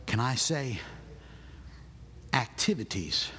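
A man preaching a sermon in a folksy storytelling manner that builds to shouting. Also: fairly low pitch, animated, a little slow, pauses often, long reverb tail, slight background noise. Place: church.

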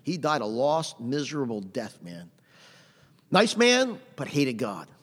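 A middle-aged man preaching a sermon in a conversational way, punching out phrases loudly and adding "amen". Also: mid-range voice, huge pitch swings, measured pace. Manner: conversational preaching with sudden loud emphatic phrases and frequent "amen". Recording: long hall reverb.

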